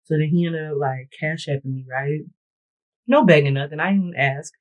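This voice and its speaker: A woman's voice: low voice, normal speed, narrow, tinny audio. A woman vlogger chatting bluntly and profanely through a storytime while she does her makeup and hair. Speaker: beauty vlogger. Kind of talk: get-ready-with-me storytime chat.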